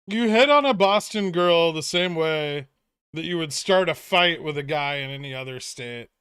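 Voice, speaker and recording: Male streamer host, higher-pitched smooth voice, dry close mic, crude joking banter with chat. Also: normal speed, a bit bright, no echo. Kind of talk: casual live-stream chat.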